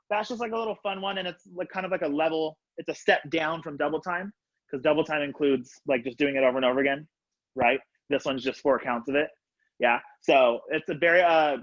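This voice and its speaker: Upbeat man counting through a video-call class. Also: a little high. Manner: upbeat, counting out loud, casual with lots of fillers. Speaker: color guard instructor. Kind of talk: live online class instruction. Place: home room, on the floor. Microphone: laptop webcam on a video call. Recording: dull lo-fi video call audio.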